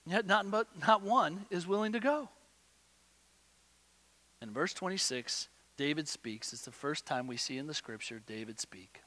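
A pastor preaching in a bright, forceful voice that carries a long hall reverb. He swings between loud emphatic bursts and quiet, low asides. His voice sits high for a man. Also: normal speed. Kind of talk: sermon.

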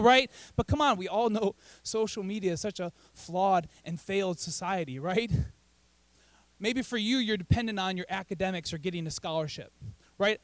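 High-voiced man preaching. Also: moderate pace, no room sound, low-quality recording. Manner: conversational, animated, keeps asking "right?". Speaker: pastor. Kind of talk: sermon.

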